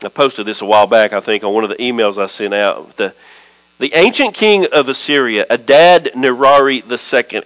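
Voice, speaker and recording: A pastor preaching a sermon, emphatic and driving his points home through rhythmic repetition and drawn-out pauses. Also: medium pitch, animated, fairly bright tone, low-quality recording. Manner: reads scripture aloud with dramatic pauses.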